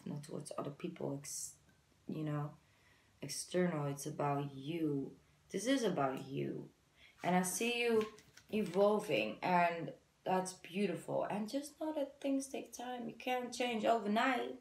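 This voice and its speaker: Low gravelly woman reading tarot. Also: a little mellow, reverberant, low-quality recording. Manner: chatty, encouraging, fillers like "you know". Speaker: tarot reader. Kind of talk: casual tarot reading to camera.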